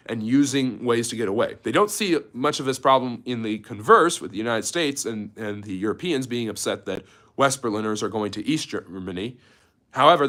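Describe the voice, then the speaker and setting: A history teacher with a mid-range, slightly bright voice gives a loose, unscripted lecture on a livestream. It's full of fillers and restarts, and he pauses now and then to answer viewer chat.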